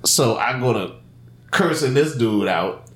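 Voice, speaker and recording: Animated man telling a story in an echoey room. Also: medium pitch, measured pace. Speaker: podcast co-host. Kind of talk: casual chat.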